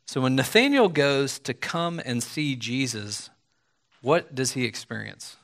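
Man, sermon, conversational preacher, animated delivery, mid-pitched voice, casual fillers. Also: a little slow, gravelly. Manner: conversational, animated, acts out quoted speech.

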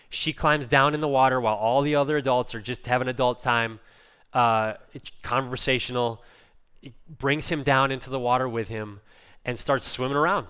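A male pastor delivering a conversational sermon, telling stories and swinging between loud emphasis and soft quiet passages. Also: mid-range voice, clear, resonant tone.

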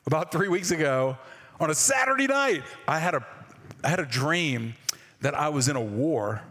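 A man's voice: fairly high pitch, animated, normal speed, a bit bright. A man preaching a sermon in a conversational way, often asking the congregation questions. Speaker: pastor. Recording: reverberant church hall.

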